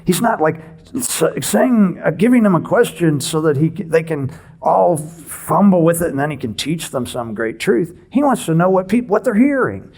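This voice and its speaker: A man preaching a conversational expository sermon in a church, teaching with lively rhetorical questions. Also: a little high, moderate pace. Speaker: pastor.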